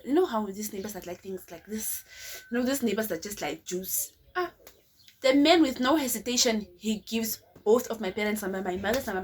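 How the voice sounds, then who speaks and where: A woman's voice: medium pitch, slight background noise. A young woman telling a dramatic story to her viewers with rhetorical questions. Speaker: vlogger. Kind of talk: storytime vlog.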